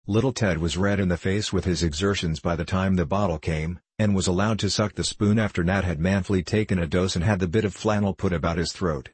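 Deep husky man narrating a storybook. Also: dry recording. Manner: steady, measured reading. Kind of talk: audiobook narration.

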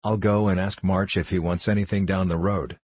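A man's voice: low voice, steady tone, normal speed, a little mellow, breathy edge, dry recording. A man voicing a haughty, cold young school prefect who speaks sternly. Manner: supercilious, stern.

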